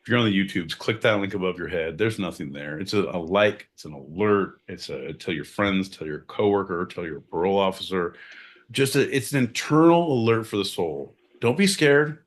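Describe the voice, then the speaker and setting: A man's voice: low voice, expressive, normal speed. A man co-hosting a podcast in rowdy, profane casual chat, breaking into mock-announcer bits. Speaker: podcast co-host.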